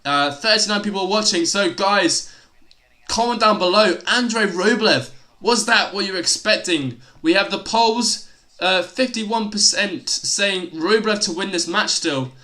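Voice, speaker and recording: A young man calling a tennis match live on a stream, his voice pitched high and bright. He bursts into loud exclamations at big points and talks in a loose, chatty way in between. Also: measured pace. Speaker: livestream tennis commentator. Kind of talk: excitable live play-by-play commentary.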